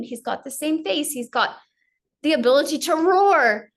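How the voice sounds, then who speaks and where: Woman giving a gentle spiritual talk. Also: high voice, animated, moderate pace. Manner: gentle, storytelling, with fillers and restarts. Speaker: spiritual teacher.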